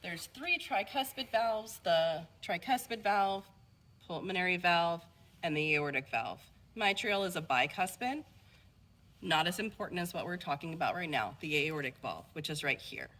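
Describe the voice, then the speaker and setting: A woman's voice: lowish voice, expressive, moderate pace, a bit bright, poor audio. A young adult woman, a nursing student, giving a class presentation and explaining step by step with occasional fillers. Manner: explanatory, walks through steps with occasional fillers.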